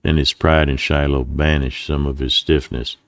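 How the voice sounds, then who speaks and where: Male narrator, western audiobook reader, very deep voice, dry close sound, steady and deliberate. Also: no room sound.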